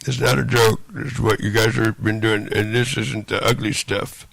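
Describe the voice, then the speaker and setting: A man's voice: lowish voice, fairly even intonation, moderate pace, creaky, a bit bright, dry recording. A man delivering a rambling, profane monologue, looping back and repeating phrases over and over. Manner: profane, repetitive, rambling rant.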